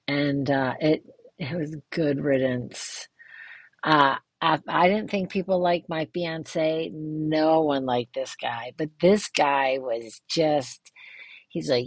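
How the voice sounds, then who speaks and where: A woman's voice: low voice, steady tone, slow pace, no room sound. A middle-aged woman hosting her own podcast, talking candidly in a rambling way, with many fillers and restarts. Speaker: podcast host. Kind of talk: casual personal monologue.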